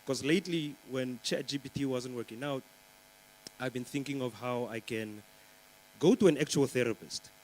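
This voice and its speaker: A young man from Namibia performs a rambling stand-up set on a conference stage before a live audience, chatty and full of fillers as he teases the crowd. His medium-pitched voice has a darkish tone and moderate pace, and the low-quality recording carries a little hiss or hum.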